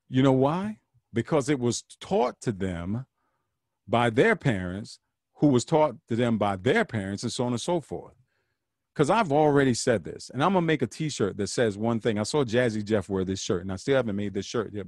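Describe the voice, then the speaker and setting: Earnest man with a lively, animated voice. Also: mid-range voice, no echo, studio quality. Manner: earnest, preachy, repeats phrases for emphasis. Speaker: podcast host. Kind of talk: solo podcast monologue.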